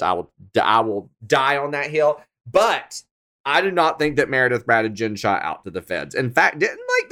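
A man hosting a podcast, chatting in a sassy, gossipy way, swearing freely. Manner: animated, sassy, swears freely, slips into shrill impressions. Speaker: podcast host. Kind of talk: casual gossip commentary.

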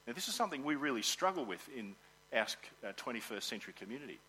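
A man preaching a sermon in an animated way, acting out the people in his story. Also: mid-range voice, fast talker, breathy edge, low-quality recording. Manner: animated, acts out grumbling workers.

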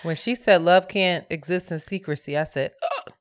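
A woman co-hosting a podcast in casual chat, emphatic and playful, with quick asides. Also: lowish voice. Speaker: podcast co-host.

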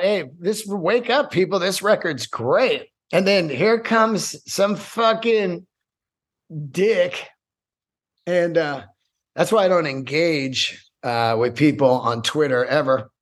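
A man hosting a casual solo podcast, swearing freely and rambling in an animated way. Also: fairly high pitch. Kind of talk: casual monologue.

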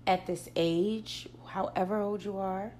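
A woman's voice: mid-range voice, steady tone, unhurried, darkish tone, slight background noise. A woman co-hosting a casual chat, talking bluntly with slang and swearing. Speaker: podcast co-host.

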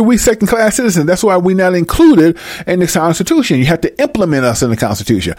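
A man's voice: high voice, big pitch swings, quick pace, a little mellow, no echo, clean studio sound. Fiery, profane man ranting. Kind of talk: heated monologue rant.

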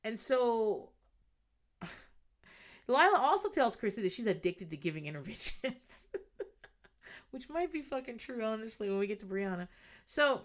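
Animated woman recapping reality TV. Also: a little high, unhurried, long pauses. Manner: animated storyteller, acts out quotes, swears freely. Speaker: podcast host.

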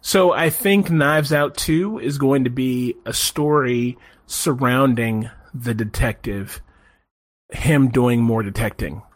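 A man's voice: medium pitch, slow pace, no room sound. A man co-hosting a podcast, talking through a movie review in loose, rambling casual chat. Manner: rambling, animated, restarts a lot. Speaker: podcast co-host.

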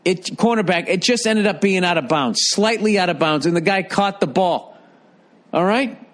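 An older man delivers a rambling, profanity-laced rant with exasperated energy. His voice sits fairly high for a man, and he circles back on himself as he vents. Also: animated, moderate pace, a bit bright.

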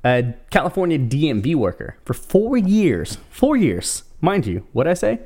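A man co-hosting a casual chat show, relaxed and chatty, passing along strange news stories. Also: a little high, normal speed, slight background noise. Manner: relaxed storytelling, sharing odd news stories. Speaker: podcast co-host.

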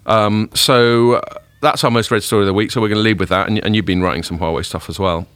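A man hosting a podcast in casual chat, rambling and self-deprecating, a little hungover and rough-voiced. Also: on the low side, fairly even intonation, fast, fairly bright tone, no echo. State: hungover, voice a bit deeper than usual. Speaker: podcast host.

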